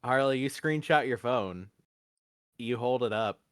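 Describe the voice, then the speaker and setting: A man acting as game master, narrating a tabletop game in a chatty, halting way with frequent laughs. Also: medium pitch, clear, resonant tone, no room sound, studio quality.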